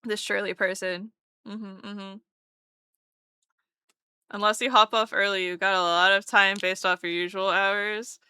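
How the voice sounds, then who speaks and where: A woman's voice: mid-range voice, little pitch movement, unhurried, pauses often, pushed and bright, smooth, dry recording, clean studio sound. A woman streamer chatting casually with her live chat while drawing, playful and teasing, often repeating words.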